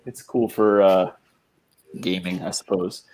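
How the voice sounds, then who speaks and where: A man's voice: sits low, fairly even intonation, measured pace, a little mellow. A man co-hosting a livestream, chatting in a laid-back way and swearing casually.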